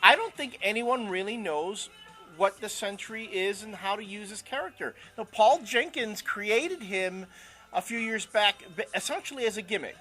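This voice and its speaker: A man's voice: high voice, animated, normal speed, sharp tone. A man co-hosting a casual chat show, opinionated and rambling, with lots of fillers. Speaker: co-host.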